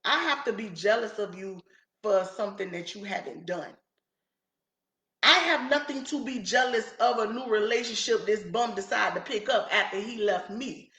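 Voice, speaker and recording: An adult woman, a mother and YouTube vlogger, rants about online drama in casual commentary, emphatic and repeating herself. Her mid-range voice has a sharp tone at normal speed, recorded with a roomy echo.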